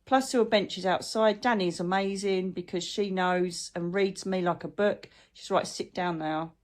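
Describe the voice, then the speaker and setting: A woman's voice: mid-range voice, steady tone, unhurried. A woman hosts her own vlog and chats in a loose, rambling way. She tells everyday stories with heartfelt gratitude while coping with a chronic illness. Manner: chatty, rambling, warm-hearted anecdotes. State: chronic illness, brain fog. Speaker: spiritual channel host. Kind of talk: casual heartfelt vlog chat.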